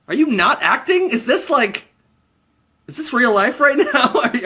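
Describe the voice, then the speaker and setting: A man's voice: on the high side, sharp tone. A young man giving a comedic spoiler review of a film, incredulous and mocking, often breaking into laughter. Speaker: movie reviewer.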